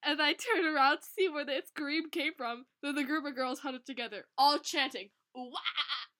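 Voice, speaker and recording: A woman reading an old fanfic aloud, giggly and animated, often stumbling over words. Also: sits high, brisk. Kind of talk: reading aloud between banter.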